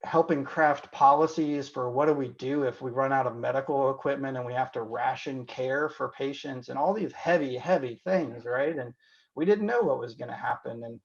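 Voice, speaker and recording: The audio is dull as a creaky, medium-pitched man talks at a moderate pace. A podcast guest and physician from Indiana, USA, he gives a candid conversational interview, reflective in manner, frequently saying "you know" and starting over.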